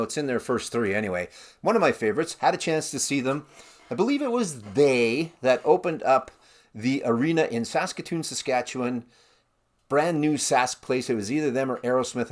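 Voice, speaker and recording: A man's voice: medium pitch, fairly quick. A Canadian man hosting his own record-collecting vlog, chatting casually with rambling asides about the albums he shows. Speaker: record collector channel host.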